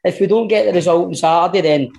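A man's voice: sits high, fast talker, vocal fry. Sweary Scottish man in football chat. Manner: blunt, sweary, animated. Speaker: podcast co-host.

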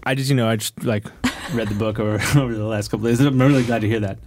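A man interviewing an author in a relaxed, casual way with some hesitant fillers. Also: on the low side, racing, slight background noise. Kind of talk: conversational interview.

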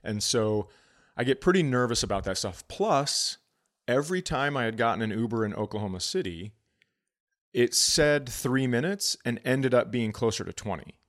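A middle-aged man co-hosting a podcast, telling a comic story in casual chat, animated and swearing freely. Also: mid-range voice, normal speed. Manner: animated, swearing, voices others in quotes. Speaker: podcast co-host, comedian.

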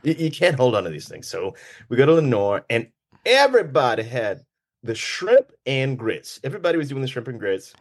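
Lively, animated male comedian. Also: medium pitch, brisk. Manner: animated, jokey storyteller. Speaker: comedian guest. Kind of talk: casual podcast chat.

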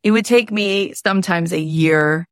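A woman in her thirties hosting her show, telling her own story in a lively, casual way, full of quoted self-talk. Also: fairly low pitch, unhurried, dry recording, studio quality.

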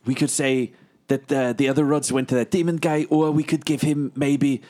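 A man's voice: mid-range voice, flat delivery, normal speed, darkish tone. A man playing a tabletop game, wisecracking and sarcastic. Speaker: player. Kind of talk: casual tabletop play.

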